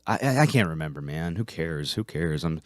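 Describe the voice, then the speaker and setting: A man's voice: extremely low pitch, animated, a little fast, dry recording, studio quality. A man hosting a casual monologue, rambling with restarts and profane asides. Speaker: host.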